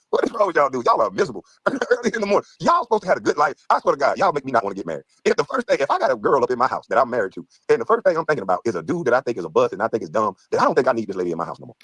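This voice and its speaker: A man ranting fast in a heated podcast chat, mocking and trash-talking with frequent laughs. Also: medium pitch, a bit bright, breathy edge, no echo. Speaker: guest streamer.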